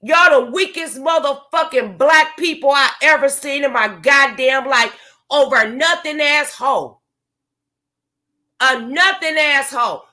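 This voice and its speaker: A woman's voice: sits high, unhurried, pushed and bright. A woman vlogger, delivering a profane, confrontational rant to her viewers. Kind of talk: angry rant to camera.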